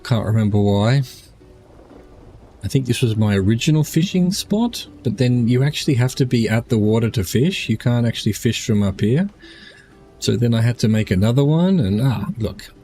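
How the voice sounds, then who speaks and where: A man chats casually while streaming gameplay. He sounds tired and yawns now and then, and he wanders from thought to thought as he answers questions from chat. His voice sits in an ordinary middle range over soft background music. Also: medium pitch, lively intonation, normal speed. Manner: rambling, musing aloud, answering chat questions. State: tired, yawning. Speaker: game streamer.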